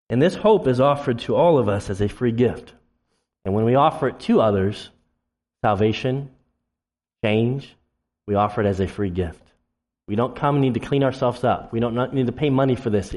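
A man preaching a sermon to his congregation, swinging between loud, emphatic passages and low, intense ones. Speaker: pastor. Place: church sanctuary.

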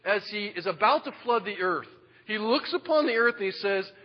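A male pastor preaching a sermon, animated and joking, dropping from loud emphasis to a hushed voice. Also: sits high, brisk. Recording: dull lo-fi sound with long reverb.

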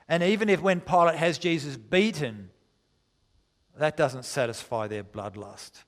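A man delivering a dramatic sermon, his voice a little higher than most men's. He slows down to press his points and reads scripture aloud. His words ring out with a long reverb, as if from a large hall. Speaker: preacher.

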